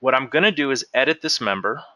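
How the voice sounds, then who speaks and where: Man walking through software, bright voice. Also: medium pitch, lively intonation, fast talker, dry recording. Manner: explains step by step while clicking through. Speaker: software trainer. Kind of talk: screen-share software walkthrough.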